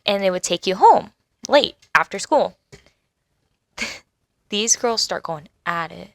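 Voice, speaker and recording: A young adult woman co-hosting a podcast, recalling school days in expressive casual chat and laughing often. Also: mid-range voice, slow pace, gravelly, dry recording, clean studio sound. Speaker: podcast co-host.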